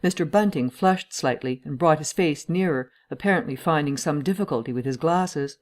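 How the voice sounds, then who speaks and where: A woman reading a classic novel aloud as an audiobook narrator, in measured storytelling. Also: deep voice. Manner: measured storytelling, shifts voice for each character. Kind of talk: scripted narration.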